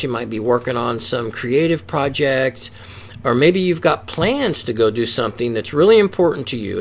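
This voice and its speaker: An earnest man at an average pitch teaching a presentation on addiction recovery. He explains patiently and often restarts his phrases. Now and then he acts out the inner thoughts he is describing. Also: vocal fry.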